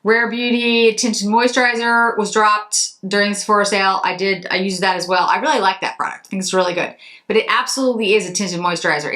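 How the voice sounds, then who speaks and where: This woman has a mid-range, bright voice with a forceful tone. She's a Massachusetts beauty vlogger in casual, chatty mode, wandering off a little and self-correcting while she talks through her products.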